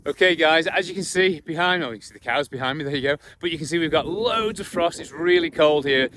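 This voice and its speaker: High-voiced man training a dog outdoors. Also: fast, distant mic, background noise. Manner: chatty, repeats words, gives commands to the dog. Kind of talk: casual training demonstration. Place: outdoors in a cold field, moving around.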